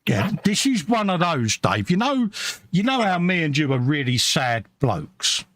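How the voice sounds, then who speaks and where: A man's voice: fairly high pitch, big pitch swings, a little slow, fairly bright tone, no room sound, studio quality. A middle-aged man with a British accent, chatting casually and self-mockingly while building a model kit and reading out chat messages. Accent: British English. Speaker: co-host of a live modelling stream.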